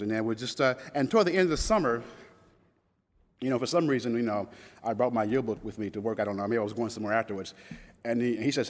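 A man of about fifty from Louisville, Kentucky, telling a personal story in a conversational way, restarting often and quoting others. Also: medium pitch. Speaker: public speaker. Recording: long hall reverb.

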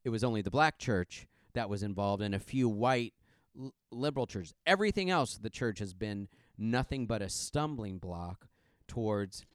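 A man's voice: lowish voice, animated, normal speed, dry recording, clean studio sound. A man who is a minister chatting about politics in a blunt, earnest way. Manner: earnest, blunt, laughs easily. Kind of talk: casual political chat.

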